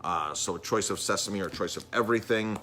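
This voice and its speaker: A man's voice: fairly low pitch, fast, pushed and bright, slight background noise. A middle-aged man, a chef and restaurant owner talking casually on a live stream, rambling with lots of ums and restarts.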